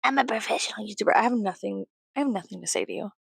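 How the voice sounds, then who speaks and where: Young woman vlogger, rambling and profane, gravelly, dry close mic. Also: mid-range voice, very fast, no room sound. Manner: rambling, swearing, laughing often. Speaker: YouTuber. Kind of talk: rambling casual vlog.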